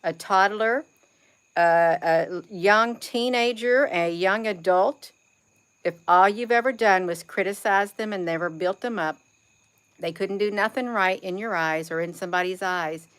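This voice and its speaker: A woman's voice: medium pitch, unhurried, fairly bright tone, clean tone. A woman talking to her viewers in a loose spiritual monologue, repeating her phrases and saying "you all" to the viewers. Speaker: vlogger.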